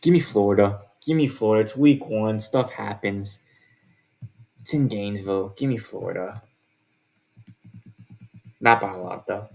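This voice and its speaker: A man's voice: on the low side, normal speed, gravelly, pauses often, darkish tone. A man talking casually through his football predictions, with lots of fillers and restarts. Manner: chatty, with many fillers and restarts. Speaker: sports video host.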